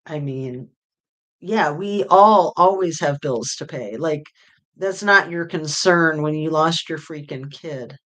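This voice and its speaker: A middle-aged woman hosting a true crime livestream, chatting casually with viewers in a rambling way full of fillers. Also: low-pitched. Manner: rambling, with many fillers and pauses. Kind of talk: casual livestream chat reading viewer comments.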